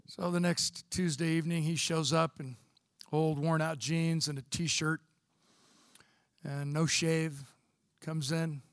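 A man's voice: on the high side, flat delivery, slow pace, long pauses, dry recording, studio quality. A middle-aged man telling a personal story in a folksy, conversational talk. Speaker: speaker, former bishop.

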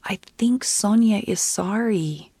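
Woman playing a gentle, soothing mother. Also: mid-range voice, slow pace, slightly rough, no room sound, studio quality. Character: gentle mother of a young girl. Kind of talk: audio storybook acting.

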